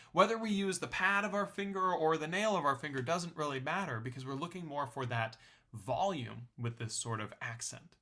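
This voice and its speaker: A man's voice: medium pitch, sharp tone. A young man teaching a ukulele lesson in a friendly, explanatory way, counting beats aloud. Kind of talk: online music lesson.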